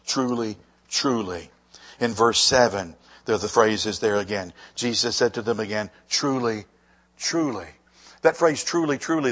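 A man preaching a sermon to a congregation, swinging between quiet stretches and loud, fervent rises. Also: on the low side, breathy edge. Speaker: pastor.

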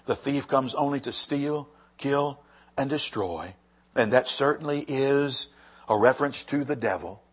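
A man preaching a sermon to a congregation, swinging between quiet stretches and loud, fervent rises. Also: mid-range voice, a little slow, breathy edge. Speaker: pastor.

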